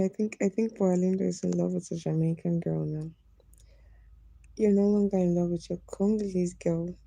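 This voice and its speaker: A woman's voice: lowish voice, gravelly, mellow, low-quality recording. A woman live-streaming, chatting casually with viewers, teasing them and laughing often as she reads their comments.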